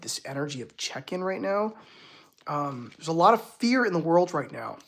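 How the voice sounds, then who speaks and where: A spiritual healer hosting a live stream in casual chat, excitable and gushing, breaking into laughs and exclamations, with many restarts and filler words. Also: mid-range voice.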